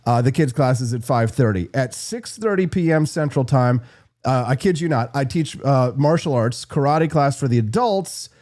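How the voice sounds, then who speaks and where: A man hosting a live political talk show, brash and quick, reacting to chat and plugging sponsors. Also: medium pitch, expressive, darkish tone. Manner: brash, fast-talking, reads live chat. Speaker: host.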